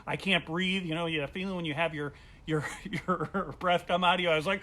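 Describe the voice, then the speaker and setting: A man telling a funny personal story in a casual comedic way, acting out the voices with big jumps in pitch and volume. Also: fairly even intonation, a little fast, sharp tone. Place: home during quarantine.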